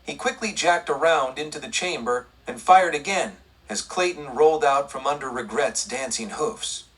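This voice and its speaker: Husky-voiced male audiobook narrator. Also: on the high side, normal speed, recorded from a distance, low-quality recording. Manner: steady storytelling reading. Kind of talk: scripted narration.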